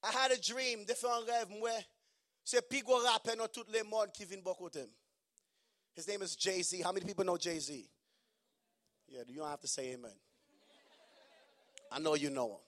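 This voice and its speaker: Man, Haitian accent, high voice, sermon, calm storytelling broken by shouts. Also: moderate pace, pauses often. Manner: switches between calm storytelling and shouted emphasis. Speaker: preacher.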